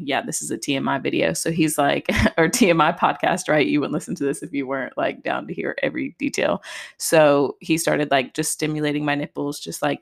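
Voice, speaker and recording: A woman's voice: sits low, creaky. A young woman telling a personal story on a podcast in a casual, chatty way, full of "like" and "just". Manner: chatty, heavy use of "like" and "just". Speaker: podcast host.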